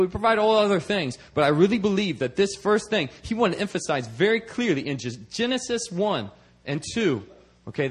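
A man with a fairly high voice delivers a conversational sermon to his congregation. He keeps checking in with a quick "okay?" and doubles back on his words as he goes. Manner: repeats words as he restarts. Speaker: preacher and missionary.

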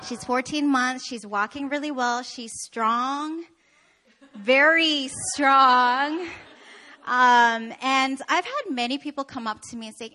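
A woman pastor from Canada preaching a sermon, telling personal stories in an animated, laughing, self-deprecating way. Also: high-pitched, takes it slowly.

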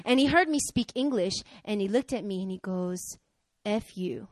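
A woman preaching a sermon who tells candid personal stories and acts out the dialogue with lively energy. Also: mid-range voice, normal speed, no room sound. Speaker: preacher, pastor's wife.

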